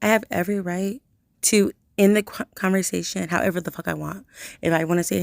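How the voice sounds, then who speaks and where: A woman's voice: lowish voice, fairly even intonation, a little fast, gravelly, a little mellow, no echo. A woman in her late twenties, ranting straight at her listener in a heated, profane way. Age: late 20s. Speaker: vlogger. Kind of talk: angry direct-to-camera rant.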